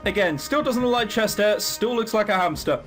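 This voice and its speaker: A man's voice: high voice, lively intonation, moderate pace, a bit bright, soft background music. A man reading a visual novel aloud and cracking sarcastic jokes as the host. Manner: joking, sarcastic asides. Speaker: let's play host. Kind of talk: casual game commentary.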